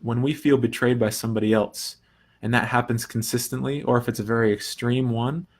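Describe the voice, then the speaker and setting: A young adult man hosting a recovery talk, explaining ideas earnestly in a casual teaching way, often restarting and softly acting out quoted thoughts. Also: medium pitch, fairly even intonation, brisk. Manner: earnest, thinks aloud with restarts and soft quoted asides. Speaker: recovery podcast host.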